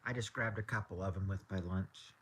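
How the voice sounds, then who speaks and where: A man's voice: low voice, fairly even intonation, a little fast, fairly bright tone, a little hiss or hum. A young man, casually chatting on his livestream and often repeating himself as he talks. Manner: easygoing, repeats and restarts phrases. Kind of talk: casual chat.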